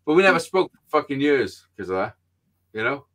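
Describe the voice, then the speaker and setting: Man, casual storytelling, heavy swearing, animated. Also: mid-range voice, a little fast. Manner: sweary, animated anecdote-telling. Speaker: podcast host.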